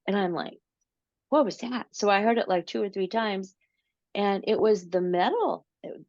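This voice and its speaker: A woman guest in an interview, telling a personal story in a casual, animated way, often repeating words and acting out what she said. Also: mid-range voice, normal speed, no room sound, lo-fi sound. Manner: animated, repeats words, acts out her own quotes.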